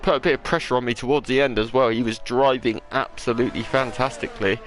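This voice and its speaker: A man giving live commentary on an esports race, excitable, breaking into quick exclamations when the racing gets close. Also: mid-range voice.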